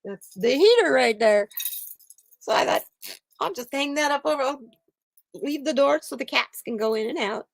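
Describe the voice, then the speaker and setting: A woman's voice: high-pitched, animated, moderate pace, gravelly, long pauses, no echo. A woman hosting a casual chat stream from her home, rambling and laughing often. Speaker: channel host. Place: home room with a heater.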